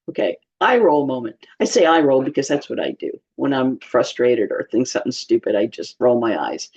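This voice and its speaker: A woman's voice: rumbling low, animated, fairly quick, few pauses, darkish tone, husky. A woman giving informal, humorous Bible teaching in a chatty way, laughing often. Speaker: church teacher. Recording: slightly dull lo-fi sound.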